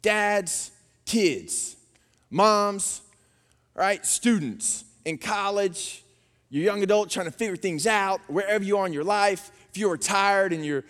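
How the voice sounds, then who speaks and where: A man, preaching a sermon and telling family stories with animated impressions. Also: high voice, slow pace. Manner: animated storytelling, acting out his daughters' voices. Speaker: pastor. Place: church auditorium. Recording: long reverb of a church hall.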